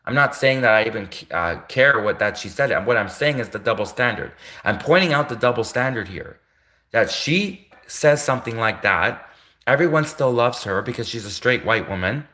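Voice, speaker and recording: A man holds forth in an emphatic opinion rant, hammering the same points over and over. His voice sits at an ordinary middle pitch for a man. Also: animated, moderate pace, bright, forceful tone. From Canada. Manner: emphatic, repetitive. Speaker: online commentator.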